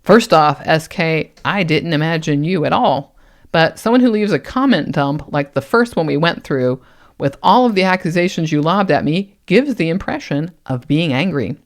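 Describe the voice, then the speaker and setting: A woman's voice: low-pitched, expressive. Wry woman from Kentucky. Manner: measured, wry and pointed. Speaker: atheist YouTuber. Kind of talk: commentary vlog responding to a comment.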